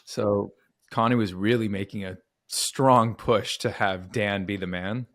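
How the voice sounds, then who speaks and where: A man co-hosting a recap podcast, teasing and firing quick questions in relaxed banter. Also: on the low side, no room sound, studio quality. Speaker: podcast co-host. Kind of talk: casual chat.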